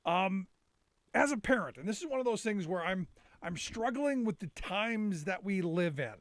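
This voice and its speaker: A man's voice: sits high, animated, moderate pace, dry recording. A middle-aged man hosting a live call-in talk show, rambling and sarcastic with many restarts.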